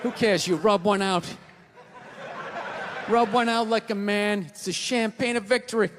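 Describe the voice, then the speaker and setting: A man doing a live stand-up set on a theater stage, ranting and profane, swinging from muttering to yelling. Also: sits high, steady tone, a little slow, noisy background. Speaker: stand-up comedian. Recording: echoey hall with loud crowd. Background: audience laughter.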